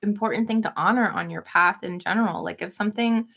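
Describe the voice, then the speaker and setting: A woman's voice: mid-range voice, quick pace, vocal fry, a bit bright. A woman in her thirties, chatting casually on a livestream, supportive, with lots of filler words. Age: 30s. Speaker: livestream co-host. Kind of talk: casual chat.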